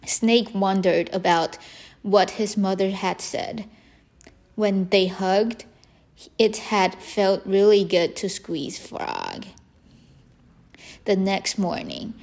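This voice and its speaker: Slow-reading woman storyteller. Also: medium pitch. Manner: slow, gentle, careful reading.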